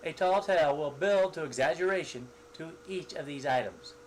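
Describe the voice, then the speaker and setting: A man explaining speech criteria in a measured, instructive tone, his voice a little high. Faint background noise sits under his words. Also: low-quality recording. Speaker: speech presenter.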